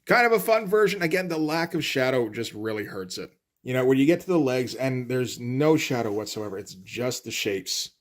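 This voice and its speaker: A man's voice: mid-range voice, animated, normal speed. A man casually recapping and critiquing a comic issue in an offhand, rambling way with lots of fillers. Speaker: comics commentator. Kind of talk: casual comic read-through.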